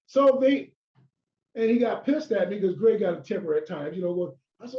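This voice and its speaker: A man with a high voice rambles through old wrestling stories, breaking off and restarting as he acts out conversations. The sound is roomy and dull, like a lo-fi recording. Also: expressive, fairly quick, a little mellow. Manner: rambling, full of restarts and acted-out quotes. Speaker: former pro wrestler, interview guest. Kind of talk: casual storytelling interview.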